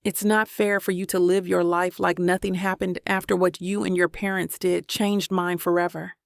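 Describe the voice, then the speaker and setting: A woman gives voice to a wealthy young man who is bitter and set on revenge. His threats come out cold, with a gravelly edge. The sound is dry and close. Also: lowish voice, little pitch movement, moderate pace, dry recording.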